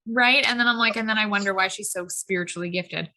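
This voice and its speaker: A woman's voice: medium pitch, fast, sharp tone. A woman in her thirties co-hosting a podcast, chatting casually and rambling through tangents with lots of "like" and "um". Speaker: podcast co-host. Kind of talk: casual spiritual chat.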